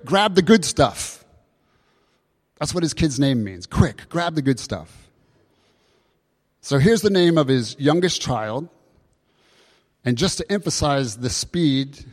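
A man preaching a sermon, explaining scripture with lively emphasis and rhetorical questions. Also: medium pitch. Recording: long hall reverb.

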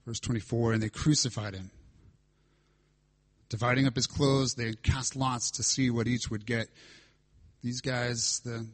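Male preacher, husky voice, mid pitch, walks through scripture with dramatic weight. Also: fairly even intonation, unhurried, pauses often. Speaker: pastor. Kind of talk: sermon.

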